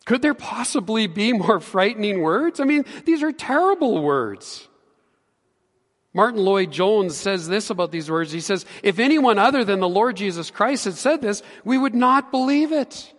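A pastor delivers a sermon in an earnest voice that climbs to emphatic peaks. His voice sits a little high for a man. A long reverb trails each phrase, as in a church sanctuary. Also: lively intonation, moderate pace, a bit bright.

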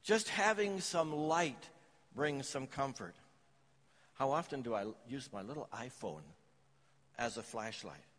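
A man's voice: mid-range voice, expressive, unhurried, pauses often, fairly bright tone, long reverb tail. A man preaching a sermon, telling stories and jokes to his congregation. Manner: storytelling with jokes and anecdotes. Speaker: pastor.

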